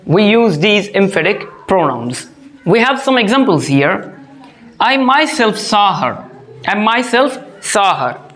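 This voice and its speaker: Grammar teacher, classroom lesson, deliberate, repeats phrases, mid pitch, calls listeners dear students. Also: fairly bright tone. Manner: slow, deliberate, repeats each phrase and example.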